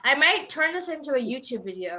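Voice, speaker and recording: A woman's voice: high voice, big pitch swings, racing, sharp tone. A young woman teaching an online class on a video call, switching between English and Tamil, with many fillers and restarts. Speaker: online tutor.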